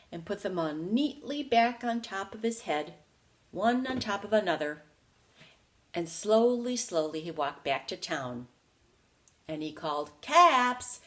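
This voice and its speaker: A preschool teacher with a mid-range voice reads a storybook aloud to young children. She goes slowly and playfully, with lots of expression.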